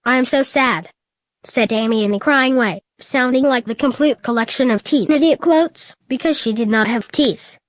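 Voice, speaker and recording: A woman narrating a comedic fan story in a flat, deadpan reading. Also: a little high, moderate pace, few pauses, no echo.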